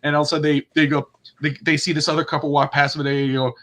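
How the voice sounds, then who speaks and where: A man co-hosting a casual sports podcast, telling stories in an animated way and acting out quotes. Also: a little high, racing. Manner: animated storyteller, acts out quotes, swears casually. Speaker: podcast co-host.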